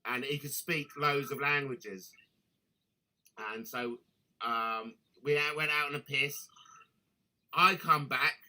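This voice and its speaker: A man telling a crude, animated story in casual chat, swearing freely. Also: mid-range voice, slow pace, long pauses. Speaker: guest storyteller.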